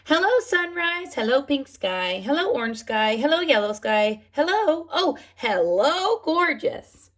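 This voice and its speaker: A woman voicing a chatty, cheerful and curious little female bird in a storybook read-aloud, with bright exclamatory greetings. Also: sits high, sing-song, a little slow, few pauses, voice pushed up, exaggerated voice.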